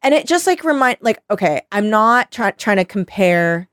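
A woman in her thirties tells stories in a casual chat and keeps breaking into laughter. She acts out other people's voices and swings widely in pitch. The sound is dry and close. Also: moderate pace, dry recording. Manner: animated storytelling, acts out quoted voices; laughs often. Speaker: podcast host.

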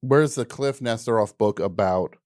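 A man's voice: lowish voice, moderate pace, darkish tone, dry recording, studio quality. A man hosting a comedy radio call-in show, riffing and jumping into goofy put-on voices.

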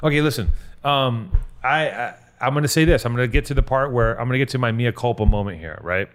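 A man at an ordinary middle pitch holds the floor in a loose comedy podcast. He rambles, swears freely and jumps from one riff to the next, restless and hard to pin down. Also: quick pace. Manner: rambling, profane, restless, riffing. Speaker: podcast host. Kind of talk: casual comedic chat.

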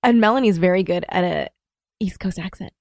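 A woman in casual chat about a book, laughing often and acting out characters in quick voices. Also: lowish voice, gravelly, dry recording, studio quality.

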